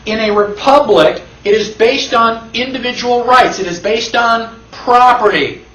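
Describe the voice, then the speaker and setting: An emphatic man with a fairly high voice teaches a classroom lecture and keeps throwing rhetorical questions at his listeners. The sound is roomy and echoey. The mic sits at some distance from him. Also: unhurried, a bit bright. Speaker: constitution class instructor. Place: classroom with an audience.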